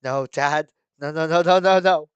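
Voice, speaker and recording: A man's voice: medium pitch, steady tone, fast, a bit bright, clean tone, dry recording, muffled recording, lightly acted. Brief: man doing young masked woman, terse and tearful, dry clean sound. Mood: sobbing. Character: young woman, masked gunwoman turned grieving daughter.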